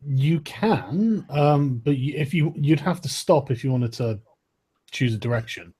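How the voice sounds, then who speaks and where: A man's voice: medium pitch, lively intonation, a little slow, warm tone, husky. A man narrating as game master in a casual tabletop session, swearing freely.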